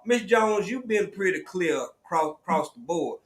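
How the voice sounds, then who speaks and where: A man's voice: high voice, expressive, normal speed. Laid-back man hosting a stream. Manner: laid-back, playful, teasing, drawls "y'all". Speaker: host. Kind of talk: casual livestream chat.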